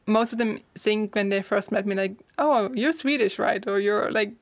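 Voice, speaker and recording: A woman's voice: medium pitch, steady tone, normal speed. A young adult woman from Germany, talking casually as an interview guest, laughing often and filling her speech with "like". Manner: chatty, laughs often, many "like" fillers. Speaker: guest, author and course teacher.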